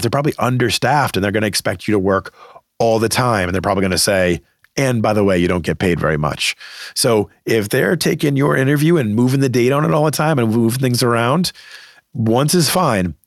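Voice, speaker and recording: A middle-aged man from around Boston dispenses career advice on his podcast, conversational and emphatic, imitating those he quotes. He has a medium, expressive voice with vocal fry and talks a little fast, captured in clean, echo-free studio sound.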